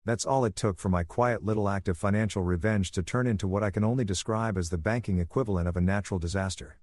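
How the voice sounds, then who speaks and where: Calm low-voiced man narrating. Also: fast, no room sound, clean studio sound. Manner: calm, even, soothing delivery. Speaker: storyteller. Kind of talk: scripted first-person narration.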